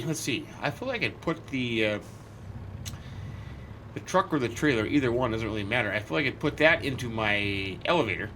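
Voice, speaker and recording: A man's voice: medium pitch, a bit bright, slight background noise. Rambling, chatty man narrating a farm game. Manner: rambling, chatty, thinks aloud with many fillers. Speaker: game roleplay host. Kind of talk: casual in-character game commentary.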